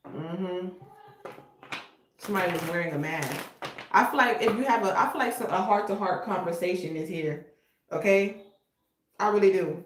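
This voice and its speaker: A woman giving a casual tarot reading in a blunt, slangy way. She often repeats "okay?". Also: fairly low pitch. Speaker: tarot reader. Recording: echoey room with noise.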